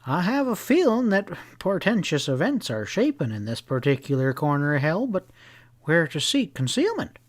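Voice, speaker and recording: A man voicing an airy, high-pitched Englishman with a genteel drawl in an audiobook western. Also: very animated, normal speed.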